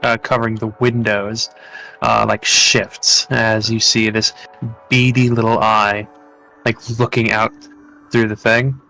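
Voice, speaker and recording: Halting, bright-voiced male game master. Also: lowish voice, level tone, vocal fry, faint music behind. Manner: halting, full of fillers and restarts. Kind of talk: narrating a tabletop game.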